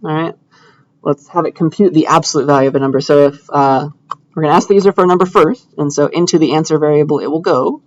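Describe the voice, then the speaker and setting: A young man teaching computer science in a lecture hall, chatty and easygoing as he explains each step out loud. His voice sits a little high for a man. The recording is dull and lo-fi. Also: steady tone, quick pace. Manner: casual, chatty, thinking aloud while clicking through code. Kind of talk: live classroom lecture with coding demo.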